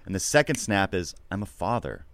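A middle-aged man, a comedian, talking candidly and reflectively in an interview, swearing freely and getting animated at times. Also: low-pitched, fairly quick, creaky, dry recording. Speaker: podcast guest, comedian.

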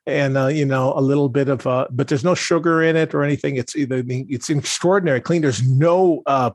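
A man's voice: mid-range voice, fairly quick, no echo, clean studio sound. A man talking as a podcast guest in a casual, rambling way, with lots of restarts and fillers. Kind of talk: casual conversational interview.

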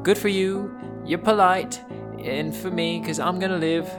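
A man hosting a children's podcast, telling silly animal facts in a playful, animated way and wandering off on tangents. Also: a little high, a little slow, loud music behind the voice. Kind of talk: playful storytelling for kids.

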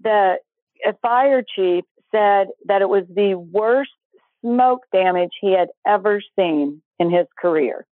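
A woman's voice: mid-range voice, takes it slowly, no echo. A middle-aged woman tells a heartfelt personal story as an interview guest. She talks in an earnest, breathless way and acts out what people said. Her voice comes through a thin, phone-like line with no room sound.

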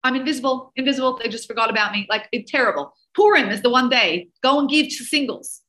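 A woman who works as a dating coach and speaker, telling a personal story with animated emotion and mixing in Hebrew and Yiddish words. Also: sits high, quick pace, rough recording. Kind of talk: personal storytelling in a podcast interview.

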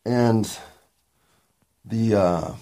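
A man with a gravelly voice hosting a podcast, talking in a candid, meandering solo monologue with occasional swearing. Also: lowish voice, very slow, warm tone. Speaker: podcast host.

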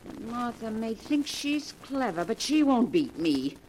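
Scheming ruthless young schemer. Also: female voice, a little high, sing-song, slight background noise, low-quality recording. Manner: sharp, imperious, quick to scorn. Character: scheming young woman, ruthless ex-stage actress. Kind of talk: 1940s radio acting.

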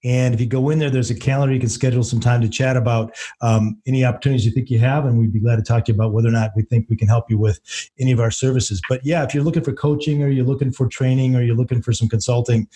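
A man who works as a business coach, speaking as a podcast guest in a brisk, informative way. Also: medium pitch, steady tone, warm tone. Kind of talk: casual podcast interview.

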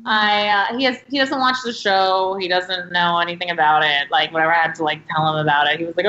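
A woman's voice: lowish voice, normal speed, pushed and bright, roomy sound, a little hiss or hum, low-quality recording. A woman in her late thirties, a podcast guest telling stories in a chatty way and saying "like" a lot. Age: late 30s. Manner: chatty storyteller, heavy use of "like". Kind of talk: casual interview chat.

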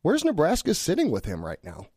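A man's voice: fairly high pitch, huge pitch swings, a little fast, a little mellow, slightly rough, no room sound, clean studio sound. A man hosting a sports podcast, chatting in an easygoing, joking way. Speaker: podcast host. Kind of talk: casual podcast chat.

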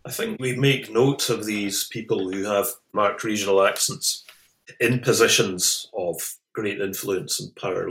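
A man who is a linguistics expert, answering an interview question deliberately and reasoning it out aloud. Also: lowish voice, a bit bright. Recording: roomy echo.

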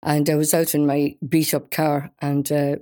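An older woman from Wales, a guest singer, telling an anecdote in a casual interview, animated and often laughing. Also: low-pitched, normal speed, clean tone. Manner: animated storyteller, laughs often, restarts mid-sentence.

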